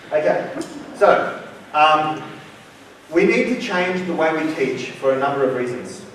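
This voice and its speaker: A man's voice: a little high, a little hiss or hum. A man with an Australian accent giving a university lecture, telling a story and acting out its dialogue. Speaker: guest lecturer. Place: lecture hall. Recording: very echoey hall, speaker far from mic.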